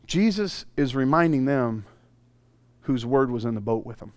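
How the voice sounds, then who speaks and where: A male pastor preaching a sermon, telling stories with animated swings from loud bursts to hushed, intimate passages. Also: medium pitch, moderate pace, dry recording.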